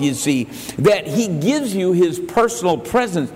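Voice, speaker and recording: A man's voice: lively intonation, unhurried, darkish tone. Man preaching in an echoey church hall. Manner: earnest, rising into half-sung exhortation. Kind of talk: evening church sermon. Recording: echoey hall with faint rumble.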